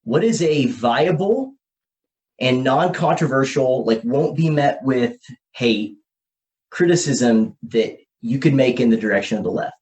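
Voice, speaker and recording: A man hosting a podcast, thinking out loud as he explains ideas at a whiteboard and often checks in with "okay?" and "right?". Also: medium pitch, expressive, a little slow. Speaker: podcast host. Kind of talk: casual explanatory podcast talk. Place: room with a whiteboard.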